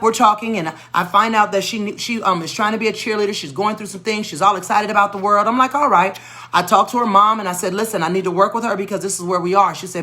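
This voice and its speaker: An animated woman educator tells a story from her teaching. Her voice is bright and forceful, and she acts out the voices of the people in it. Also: medium pitch, quick pace. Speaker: educator and tutor.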